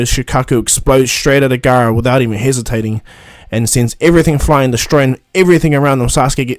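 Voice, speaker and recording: A man's voice: mid-range voice, no room sound. Guy retelling a fan story, lots of ums and restarts, mid voice, dry recording. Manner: rambling, many fillers and restarts. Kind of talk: casual retelling.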